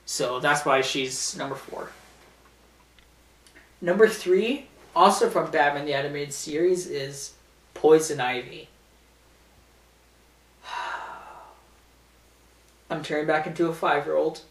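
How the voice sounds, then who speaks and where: A man's voice: on the high side, takes it slowly, pauses often, a bit bright. A man hosting a casual top-ten video, rambling with lots of fillers and giggles as he talks through his picks. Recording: roomy, distant from mic.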